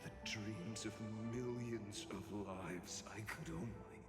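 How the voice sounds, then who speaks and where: A man's voice: on the low side, expressive, slow, faint music behind. A man voicing a weary male hero who has forgotten his past, solemn and resigned, in a game. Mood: grim resigned. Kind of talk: game voice acting. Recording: roomy hall reverb.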